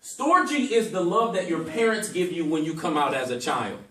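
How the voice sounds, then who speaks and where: A high-voiced man teaching a class, leaning hard on each word and letting his voice swing for effect. He sounds set back from the mic in an echoey room, with the space ringing around him. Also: sing-song, moderate pace, bright, forceful tone, far from the mic. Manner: emphatic, varies his voice for effect.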